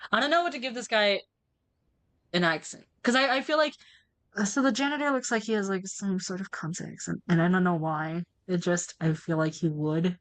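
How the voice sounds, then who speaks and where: A woman's voice: mid-range voice, brisk. A woman casually commenting while playing a story game, thinking aloud, laughing and swearing. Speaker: game streamer.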